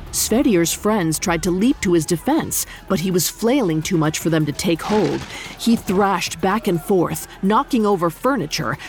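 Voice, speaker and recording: A woman narrating a dark folk tale in measured, scripted storytelling. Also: fairly low pitch, gravelly. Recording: faint music bed behind the voice.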